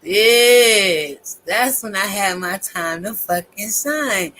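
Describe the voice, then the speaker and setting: Blunt, bright-voiced woman in her fifties. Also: fairly high pitch, measured pace, hardly any pauses, low-quality recording. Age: 50s. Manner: blunt, emphatic, heavy cursing. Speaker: vlogger. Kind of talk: profane casual rant.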